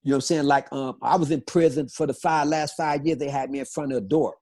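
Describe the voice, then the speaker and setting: Husky-voiced man, emphatic and insistent. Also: fairly high pitch, fairly even intonation, quick pace, a little mellow. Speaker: interview guest. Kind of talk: emotional interview testimony.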